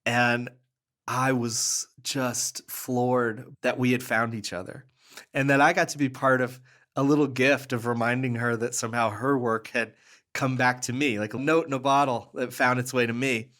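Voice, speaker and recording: A man telling stories as a podcast guest, animated and earnest, often laughing and restarting his sentences. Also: medium pitch, moderate pace. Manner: earnest, warm, with fillers and restarts. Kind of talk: conversational storytelling.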